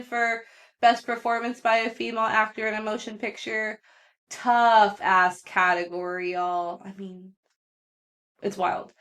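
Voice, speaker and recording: A young woman hosting a solo pop culture podcast, chatting casually in a gossipy way, swearing and laughing often. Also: on the high side. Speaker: podcast host.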